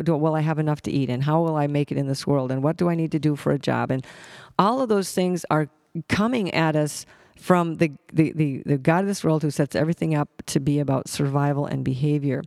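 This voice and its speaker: A man teaching a Bible passage in a relaxed, halting way, often stopping to restart and reach for the next word. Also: a little high, creaky, no echo, clean studio sound. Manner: halting, with many restarts and fillers.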